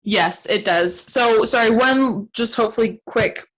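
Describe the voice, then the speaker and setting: A woman's voice: a little high, a little slow, poor audio. A woman, a parent in a class, asking a hesitant, apologetic follow-up question.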